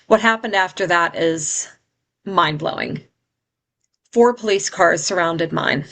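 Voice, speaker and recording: A middle-aged woman with a somewhat low-pitched voice, speaking as a guest in an interview. She tells a painful personal story in an earnest, heartfelt way. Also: slow pace, creaky, a bit bright.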